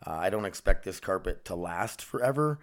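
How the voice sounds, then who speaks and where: A man with a lowish voice hosts a solo podcast from his home, wandering from one thought to the next. He talks in a loose, frustrated way, mocks himself and swears casually. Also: expressive, fairly quick. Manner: scattered, easily sidetracked, swears casually; frustrated, self-deprecating. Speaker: podcast host. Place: home studio room.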